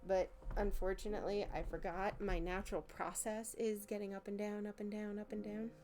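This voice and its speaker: A young woman chats casually while painting on a live art stream from her living room at home, poking fun at herself and often repeating her words. Her voice sits in the mid-range with little pitch movement, and she talks briskly. Soft music plays in the background.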